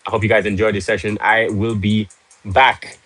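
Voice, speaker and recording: A man's voice: on the low side, little pitch movement, moderate pace, fairly bright tone, no room sound, low-quality recording. A man hosting a live stream, casual and pushy, urging viewers with rhetorical questions and joking with the chat. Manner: salesy, pushy, laughs easily. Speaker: livestream host.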